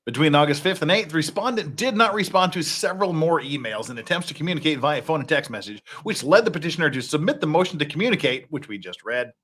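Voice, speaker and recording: A man's voice: a little high, lively intonation, fast talker, few pauses, fairly bright tone, slightly rough. A man hosting a casual legal-commentary podcast, reading court filings aloud with wry, joking asides. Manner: wry, reads documents aloud with jokey asides.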